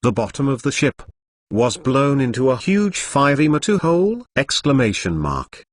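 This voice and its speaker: A man's voice: medium pitch, sing-song, normal speed, no room sound, clean studio sound. Synthetic male audiobook narrator, stilted cadence. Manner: reads punctuation marks aloud in a stilted machine cadence.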